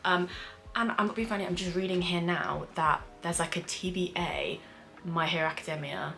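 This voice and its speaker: With faint music playing behind her, a young British screenwriter talks through her reaction to a show in a casual, meandering vlog packed with fillers and curses. She's at home on a hot day with the windows open, and her low voice is steady, a bit bright, and at a normal speed.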